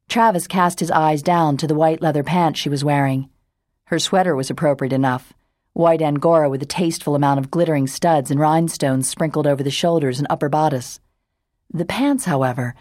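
A woman narrating a romance audiobook in an even storytelling manner. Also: deep voice, a little fast, dry recording, studio quality. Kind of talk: scripted narration.

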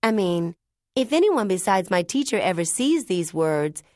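A woman's voice: mid-range voice, no room sound. A woman narrating a first-person storybook in a chatty, wry, conversational way on a close studio mic. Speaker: audiobook narrator.

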